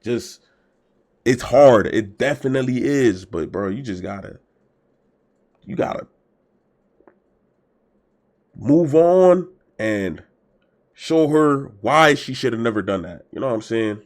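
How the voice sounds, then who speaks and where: A young man hosting a reaction video, talking in loud, emphatic slang and swinging between shouts and mutters. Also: mid-range voice, lively intonation, takes it slowly, long pauses. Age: young adult. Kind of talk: casual reaction commentary.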